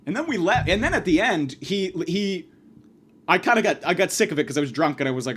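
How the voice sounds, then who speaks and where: A man hosting a podcast, telling a rambling, profane comic story in a casual, animated way. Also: high voice, slightly rough. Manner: profane, rambling, fast, lively delivery. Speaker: podcast host.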